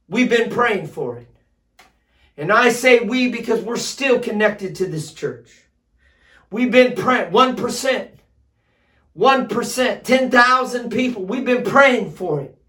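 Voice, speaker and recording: A man pastor preaching a sermon, building to loud shouted emphasis on repeated lines. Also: sits high, expressive, slow, far from the mic. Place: streamed service addressed to home viewers.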